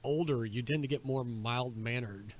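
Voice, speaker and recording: A man's voice: mid-range voice, normal speed, a little hiss or hum. A young adult man co-hosting a casual podcast, rambling and swearing freely, often laughing and slipping into put-on voices. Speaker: podcast co-host.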